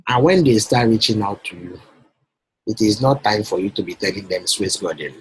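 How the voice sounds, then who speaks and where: A man's voice: fairly low pitch, animated, normal speed, breathy edge, no echo, low-quality recording. A man coaching a client on a call, persuasive and often checking that she follows. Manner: persuasive, repeats himself, checks for understanding. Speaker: business coach.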